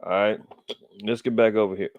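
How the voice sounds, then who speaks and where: A man's voice: lowish voice, fairly even intonation, a little fast, no room sound, narrow, tinny audio. A middle-aged man from Los Angeles hosting a religious commentary show, indignant and preacherly as he comments on the news and reads scripture with emphasis.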